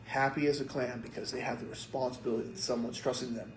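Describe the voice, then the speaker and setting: A young man, a pastor, telling lively stories in a casual sermon and acting out what people said. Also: medium pitch, fast, echoey room, crowd noise, poor audio. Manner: animated storyteller acting out quotes.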